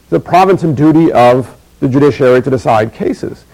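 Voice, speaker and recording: A middle-aged male lecturer speaks in a measured, emphatic way, slowing down to stress and repeat his key phrases. His voice sits at an ordinary pitch with a noticeable gravelly fry. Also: expressive, darkish tone, rough recording. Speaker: university lecturer. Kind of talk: recorded academic lecture.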